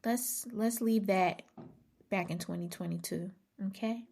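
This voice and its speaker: A woman's voice: mid-range voice, measured pace, gravelly, warm tone, slightly rough. A woman hosting her own podcast in a casual motivational monologue, emphatic and repeating key phrases, sometimes dropping to a near-whisper. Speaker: podcast host.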